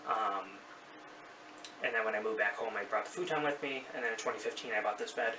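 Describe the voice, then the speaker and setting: In his bedroom, a man in his thirties vlogs a personal story casually, rambling and correcting himself along the way. His voice is lowish and brisk, picked up by a slightly distant mic with faint background noise.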